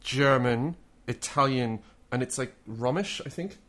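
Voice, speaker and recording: A man's voice: medium pitch, measured pace, fairly bright tone. An Australian man co-hosting a podcast, joking his way through listener mail with a lot of stammering restarts. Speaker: podcast co-host. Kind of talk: casual chat.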